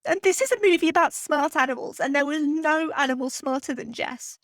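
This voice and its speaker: A woman hosts her podcast, fighting back tears as she speaks earnestly and heartfelt, pausing often. Her voice sits a touch high, recorded close on the mic in a dry, dead room. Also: no room sound. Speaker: film podcast host. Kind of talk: heartfelt spoken podcast tribute.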